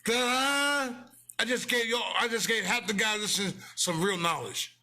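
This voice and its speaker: Blunt, preachy man with a bright voice. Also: high-pitched, brisk, faint music behind. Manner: blunt, preachy, repeats lines for emphasis. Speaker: business owner promoting his company. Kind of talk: casual motivational rant.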